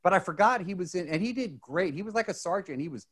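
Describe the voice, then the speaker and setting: A man, co-hosting a podcast in casual chat. He talks excitably and rambles, with many restarts. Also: sits high, quick pace. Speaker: podcast co-host.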